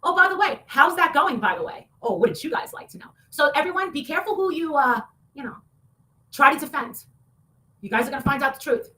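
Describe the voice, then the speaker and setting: A woman talking in a heated, casual rant, swearing often and breaking into loud outbursts. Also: high voice, very animated, a little fast, slight background noise. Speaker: online show guest.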